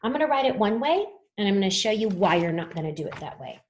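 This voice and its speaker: A woman's voice: mid-range voice, big pitch swings, quick pace, roomy sound, a little hiss or hum. A woman teaching a spelling lesson to children, patiently sounding words out letter by letter.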